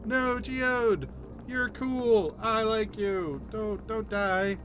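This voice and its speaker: A man's voice: sits high, very slow, noisy background. A male streamer chatting casually and swearing as he reads quest text aloud during play. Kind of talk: casual game commentary.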